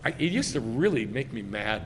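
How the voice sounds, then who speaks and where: A man giving a sermon as a rabbi, speaking with emphasis and swelling loud on key phrases. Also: mid-range voice, big pitch swings, a little fast, big-room sound, slight background noise. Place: congregation sanctuary.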